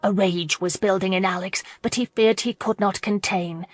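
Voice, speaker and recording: A woman narrating a romance audiobook in a steady, measured way. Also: medium pitch, no room sound, faint music behind. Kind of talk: scripted narration.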